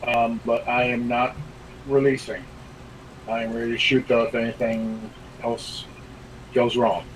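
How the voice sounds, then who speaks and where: A man's voice: medium pitch, flat delivery, measured pace, a little hiss or hum, low-quality recording. A man playing a tabletop game, speaking hesitantly and casually. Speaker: player.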